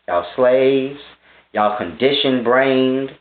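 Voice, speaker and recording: A man's voice: mid-range voice, takes it slowly. Man in his thirties, profane monologue, scornful, blunt, tinny, roomy. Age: 30s. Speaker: vlogger.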